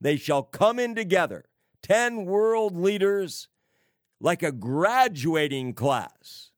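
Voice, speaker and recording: A man preaching on prophecy, slow and emphatic, with sarcastic asides and wry laughs. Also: high voice, expressive, no room sound, clean studio sound. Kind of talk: prophecy sermon.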